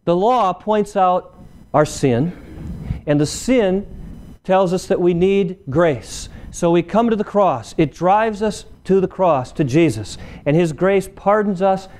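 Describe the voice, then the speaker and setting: A man's voice: animated, slow pace, a little mellow. A man giving a conversational sermon, often checking in with the audience with "right?". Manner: acts out a traffic stop in a lower voice. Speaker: preacher. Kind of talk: sermon with illustration. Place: church meeting room.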